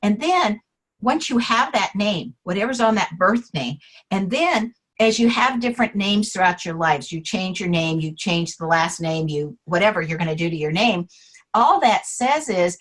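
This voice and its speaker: A woman interview guest, an author on names, telling anecdotes in a lively way, acting out the quotes and laughing often. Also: medium pitch, moderate pace, poor audio. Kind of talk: casual storytelling interview.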